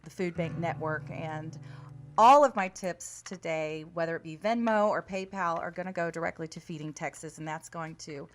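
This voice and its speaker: A woman musician talking softly between songs at a fundraiser, pausing often with fillers. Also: lowish voice. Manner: soft-spoken, halting with fillers. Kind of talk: casual talk between songs. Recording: guitar music behind.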